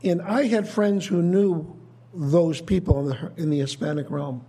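A man preaching a sermon in a measured, thoughtful teaching manner, often restarting his sentences. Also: on the high side, steady tone, mellow, slightly rough.

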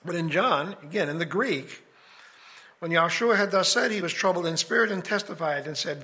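A man with a fairly high voice gives a relaxed Bible study lecture. He talks in a conversational way and lays out his reasoning one step at a time. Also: normal speed. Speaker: Bible teacher. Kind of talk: casual scripture study lecture.

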